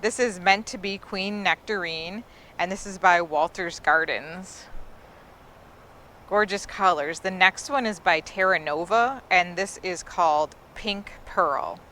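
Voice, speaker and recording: A woman's voice: fairly low pitch, measured pace, pushed and bright, a little hiss or hum. A woman giving a casual, enthusiastic tour of an outdoor garden, admiring the plants in a chatty way. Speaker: gardening vlogger.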